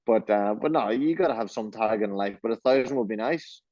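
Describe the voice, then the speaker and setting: A man's voice: fairly low pitch, a little fast, a little mellow, dry recording, muffled recording. A man with a Donegal Irish accent, a jockey talking casually in a remote interview, easygoing and self-deprecating, often restarting his sentences.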